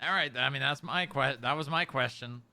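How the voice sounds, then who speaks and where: A man's voice: mid-range voice, fairly quick, pushed and bright, clean tone, no echo. A man running a role-play job interview, narrating a hypothetical scenario with hesitant filler sounds.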